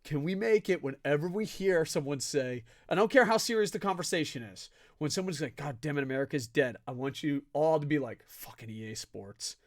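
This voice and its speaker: Podcast co-host, male, higher-pitched, fired-up and foul-mouthed, jumps from shouting to muttering. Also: brisk, few pauses. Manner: profane, excitable ranting; swings between loud shouting and low mutters. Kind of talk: casual sports chat.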